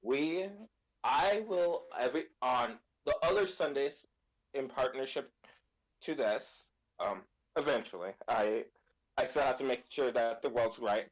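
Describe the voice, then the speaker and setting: Slow, halting man announcing plans. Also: mid-range voice, low-quality recording. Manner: halting, full of ums and restarts. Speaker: co-host. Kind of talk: casual stream chat.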